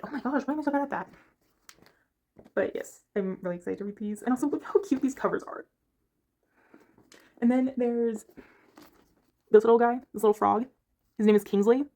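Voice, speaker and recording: A woman's voice: mid-range voice, darkish tone. Woman rambling on about books in her bedroom, chatty, keeps searching for words. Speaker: book reviewer. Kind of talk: casual chat.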